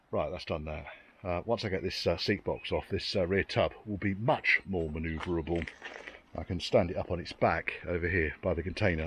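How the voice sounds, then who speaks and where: Brief: man, lowish voice, worn out and wet, working outside and muttering through it with swearing and dry humour, faint noise behind. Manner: muttering, swears freely, dry self-deprecating asides. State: tired and soaking wet. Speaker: classic car restorer vlogger. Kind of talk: casual workshop commentary. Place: outdoor yard in the rain.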